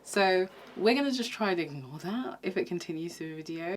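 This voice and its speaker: A woman's voice: on the low side, animated, a little fast, hardly any pauses, a little hiss or hum. A young woman giving frank, chatty dating advice in a casual vlog. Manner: chatty, frank, often asks "okay?". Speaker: YouTuber.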